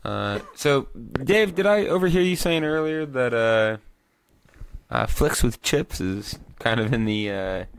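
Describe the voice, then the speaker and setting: A man hosting a casual beer-tasting podcast, relaxed and a little crude, keeping the talk moving. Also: medium pitch, a little slow, gravelly, clear, resonant tone, no room sound. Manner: relaxed, swears casually, keeps the show moving. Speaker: podcast host.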